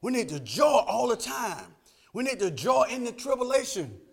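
Guy preaching, high lively voice, folksy, laughing a lot, gets loud then soft. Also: moderate pace, vocal fry. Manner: folksy, animated, laughs often, swings from loud to hushed. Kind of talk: sermon.

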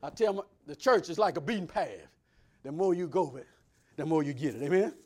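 A man preaching a sermon, swinging between loud preaching and hushed asides. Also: a little high, expressive, a little fast. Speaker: pastor.

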